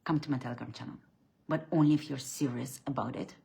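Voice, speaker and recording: A woman giving a blunt, preachy faith talk as a spiritual coach, swinging from loud emphatic bursts to low quiet lines, often restarting and repeating words. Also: fairly even intonation, quick pace, creaky.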